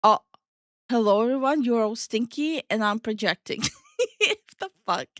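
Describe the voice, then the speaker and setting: A young woman hosts a live stream as a streamer and VTuber, chatting casually with viewers and reading their messages out loud. She's playful, laughs a lot and swears casually. Her voice is slightly high and fairly bright at a normal pace, recorded dry at studio quality.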